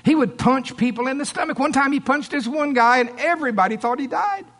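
High-voiced preacher storytelling. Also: male voice, brisk. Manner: animated storytelling, acting out quotes. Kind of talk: sermon.

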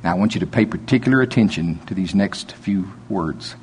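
A man preaching a sermon, reading scripture slowly with emphasis and rising into animated preaching. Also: low voice, breathy edge.

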